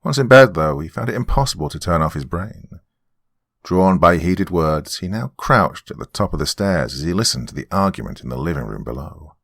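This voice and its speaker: A man narrating a horror story in a measured way. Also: low voice, very animated, gravelly, a bit bright, no room sound, clean studio sound. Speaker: host and narrator.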